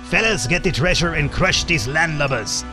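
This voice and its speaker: A man's voice: a little high, animated, normal speed, over music, pitched above the performer's own voice. A man voicing a menacing male pirate captain in a video game playthrough, with growling pirate talk. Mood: threatening.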